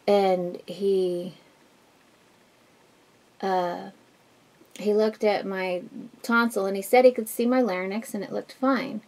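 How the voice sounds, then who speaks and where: A woman vlogger with a husky, smoky voice, chatting candidly at home while doing her makeup, rambling with many fillers and restarts. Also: medium pitch, a little mellow. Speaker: beauty vlogger. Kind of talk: casual get-ready-with-me chat.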